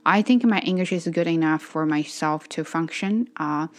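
Woman, tired, earnest, self-reflective, halting speech, casual vlog monologue, slightly low voice. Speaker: channel host practicing English.

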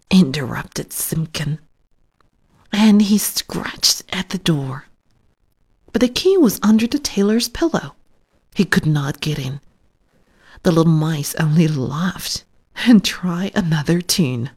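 Slow whispering woman storyteller. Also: sits low, expressive, slightly rough. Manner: soft, hushed and unhurried.

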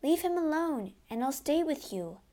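A woman reading a storybook aloud and voicing a kind young female singer who pleads softly. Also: high-pitched, lively intonation, a little slow, pitched above the performer's own voice, full character voice. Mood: pleading. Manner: pleading, sobbing.

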